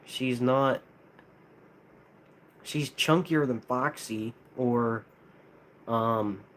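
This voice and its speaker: A man with a lisp, chatting casually on a live stream, hesitant and halting, with frequent restarts. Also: medium pitch, a little hiss or hum. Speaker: streamer ranking plush toys.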